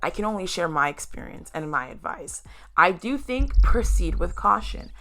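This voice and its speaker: Woman vlogger, lowish gravelly voice, emphatic and candid to camera. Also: big pitch swings, normal speed, a bit bright. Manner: candid and emotional, sometimes tearful; emphatic, addresses viewers directly. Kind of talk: personal video talk to camera.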